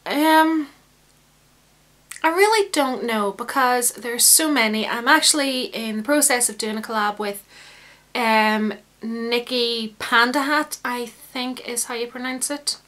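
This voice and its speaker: A woman's voice: on the high side, unhurried, a bit bright. A young Northern Irish woman vlogging casually, rambling and laughing at herself as she chats. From Northern Ireland. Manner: rambling, self-mocking, laughs often. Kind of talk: casual chatty vlog.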